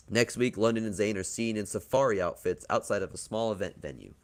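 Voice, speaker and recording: A podcast host with a fairly low, smooth voice and fairly even intonation speaks fairly quickly. He's casually running through a wrestling storyline he created, laid-back, joking, and at times crude.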